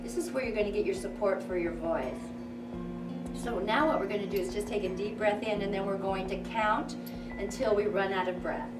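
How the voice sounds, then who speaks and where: This coach speaks a little fast at a medium pitch, guiding a crowded room of standing girls through breathing exercises in a confidence and voice workshop. She is encouraging and calls out loud counting drills, heard from afar in an echoey room where music plays.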